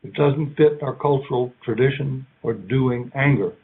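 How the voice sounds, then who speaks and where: A man giving an academic keynote lecture in a conversational, halting way, now and then acting out short quoted lines. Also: mid-range voice, slightly rough. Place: lecture hall. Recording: tinny phone-like sound.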